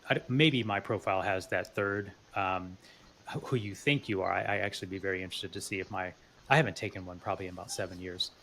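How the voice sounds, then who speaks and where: A low-pitched man hosts a podcast interview in an earnest, casual way, often restarting his phrases. A faint noise sits under his voice. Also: sharp tone. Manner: earnest, repeats words when restarting. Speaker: podcast host.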